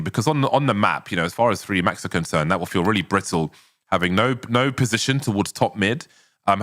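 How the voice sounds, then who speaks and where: A man's voice: medium pitch, no room sound. A man commentating an esports match, mixing chatty analysis with livelier calls of the action. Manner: conversational, rises to excited calls.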